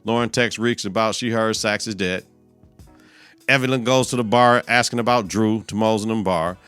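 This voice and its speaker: A man's voice: on the low side, normal speed, smooth, faint music behind. A man hosting a podcast, recapping a TV episode in a loose, profane way and acting out the characters' lines. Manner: profane, animated, acts out quotes in voices. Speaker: podcast host.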